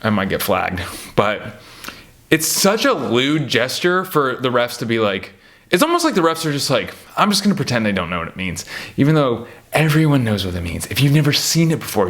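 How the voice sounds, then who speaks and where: A young American man chatting casually about basketball players, rambling and animated, laughing at his own stories. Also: mid-range voice, vocal fry. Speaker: basketball commentator. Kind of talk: casual chat.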